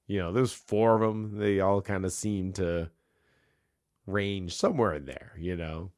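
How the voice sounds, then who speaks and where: A man's voice: sits low, a little mellow, no echo, clean studio sound. A man hosting a casual solo podcast, telling an anecdote and laughing often as he goes. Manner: laughs often through the story. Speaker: podcast host. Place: small home bar.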